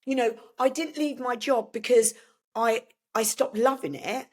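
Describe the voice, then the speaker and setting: An older woman, a podcast guest, telling her story haltingly with many restarts and fillers. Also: a little high. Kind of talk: emotional personal conversation.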